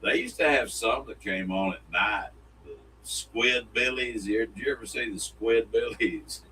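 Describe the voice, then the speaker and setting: A man's voice: on the low side, pushed and bright. A man co-hosting a morning radio show, chatting in a rambling, folksy way. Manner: rambling, folksy, quick to laugh. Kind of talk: casual morning show banter. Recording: somewhat distant mic with faint background noise.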